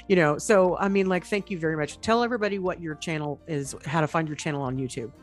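A woman's voice: sits low, quick pace, soft background music. A woman hosting a casual podcast interview, chatty and swearing freely. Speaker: podcast host.

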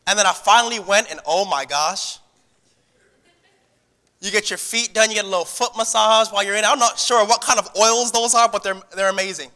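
Bright-voiced preacher man in a reverberant hall. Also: sits high, fairly quick. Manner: conversational preaching with repeated words and restarts. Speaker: pastor. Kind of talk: sermon. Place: church sanctuary.

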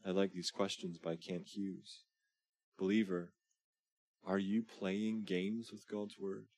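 A man with a low voice preaches a sermon. He presses his listeners with earnest questions and reads scripture with rising, dramatic emphasis. The sound is dry and close, with no room echo. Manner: earnest exhortation. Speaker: pastor.

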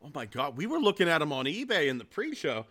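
Podcast co-host, man in his forties, bright and excitable, swears a lot, a bit high. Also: quick pace. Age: 40s. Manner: excitable, swears freely, loud laughs. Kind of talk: casual chat.

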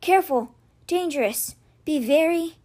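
A woman voicing a weak, injured older woman who speaks in a faint, rasping whisper. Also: fairly high pitch, expressive, a little slow, a little mellow. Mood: strained.

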